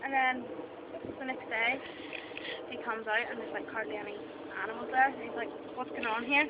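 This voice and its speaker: High-voiced Northern Irish woman, rambling. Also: steady tone, normal speed. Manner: rambling, playful, lots of "wee" and "right?". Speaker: mock expert. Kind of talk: improvised mock documentary. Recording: dull lo-fi camera audio with loud background noise.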